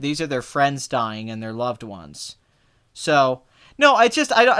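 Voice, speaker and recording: A young man casually chatting as a film review podcast co-host, animated and quick to act out what people said. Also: clean tone. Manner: animated, mimics people in high excited bursts. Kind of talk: casual chat.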